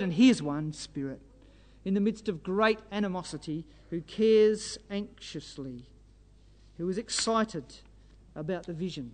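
A man's voice: sits high, expressive, normal speed. A man preaching a sermon, exhorting his listeners fervently and pressing them with rhetorical questions. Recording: long reverb of a hall.

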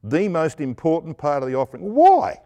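A middle-aged man preaching a Bible exposition sermon, emphatic, asking rhetorical questions and swinging from loud stresses to hushed asides. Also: fairly high pitch, huge pitch swings, normal speed.

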